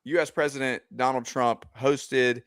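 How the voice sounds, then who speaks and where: A man hosting a sports podcast, talking in a measured way and steering the discussion. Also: medium pitch, fairly even intonation, a bit bright, no room sound. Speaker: podcast host. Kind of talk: casual sports talk.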